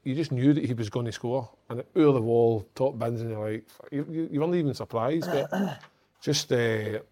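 Mellow-voiced Scottish man, earnest. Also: medium pitch, moderate pace. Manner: earnest, swears freely, builds long anecdotes. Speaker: former footballer, podcast guest. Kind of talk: casual chat.

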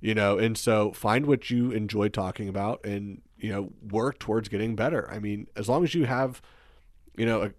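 A low-voiced man in a casual podcast chat, speaking earnestly and with a motivational push. He fills his speech with "you know" and "I mean". The recording is dry and close to the mic. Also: normal speed, no echo. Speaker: guest, business owner. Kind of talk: casual conversation.

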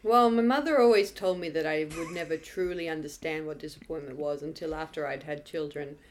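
A woman guest comedian delivering a deadpan, escalating comic rant in casual podcast chat. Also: sits low, a little fast, slight background noise.

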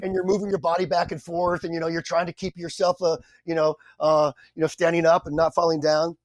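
High-voiced middle-aged actor telling stories. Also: male voice, fairly quick, no room sound. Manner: animated, self-deprecating, acts out quotes. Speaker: guest actor. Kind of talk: anecdotal storytelling.

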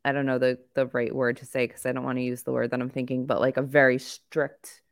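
A woman co-hosts a sports podcast in a rambling, candid style, joking as she goes. Her voice sits low with a gravelly fry. A slight cough lingers in her throat. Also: level tone, fairly quick. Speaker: podcast co-host. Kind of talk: casual sports chat.

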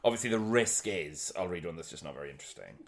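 A man's voice: low-pitched, lively intonation, quick pace, creaky. A man from Wales with a Welsh accent, chatting on a podcast and reading verses aloud with comic emphasis. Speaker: podcast guest. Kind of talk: casual podcast chat.

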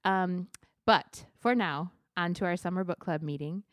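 A woman co-hosting a casual book club podcast, chatty and quick to laugh. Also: lowish voice, no room sound, studio quality. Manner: chatty, laughs easily, reads a synopsis aloud. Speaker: podcast co-host.

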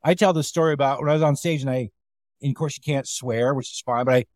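A man hosting a podcast, telling comedy-club stories in a casual, animated way and acting out the voices of the people he quotes. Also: mid-range voice, quick pace, no echo, studio quality. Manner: animated, acts out quotes in a raised voice. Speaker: podcast host. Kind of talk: casual storytelling chat.

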